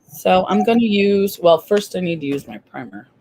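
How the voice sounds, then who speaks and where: Chatty fifty-year-old woman, slightly low voice. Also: animated, moderate pace, background noise. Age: 50s. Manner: rambling, chatty, laughs often. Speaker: makeup vlogger. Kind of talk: casual chat while doing makeup.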